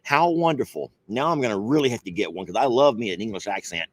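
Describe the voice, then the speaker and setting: A man's voice: fairly low pitch, animated, quick pace. A man hosting a casual coffee chat, playful and teasing, laughing often. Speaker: host.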